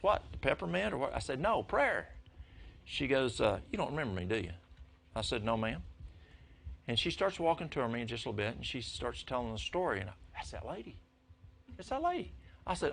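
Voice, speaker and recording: An older man telling folksy stories to a church congregation, his voice jumping high when excited. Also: creaky, slight background noise. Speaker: lay speaker at church. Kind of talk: storytelling talk to a congregation.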